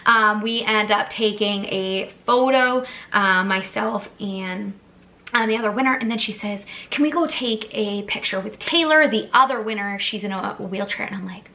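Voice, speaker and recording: A woman's voice: medium pitch, normal speed, pushed and bright. A young adult woman vlogger, seated, telling an emotional personal story in a gushing way with many fillers. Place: sitting on a squeaky chair.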